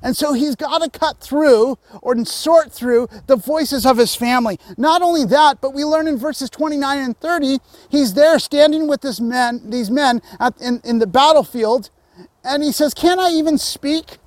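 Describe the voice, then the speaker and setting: Man, pastor, sermon, earnest direct appeals, very high voice, dry close sound. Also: normal speed, dry recording.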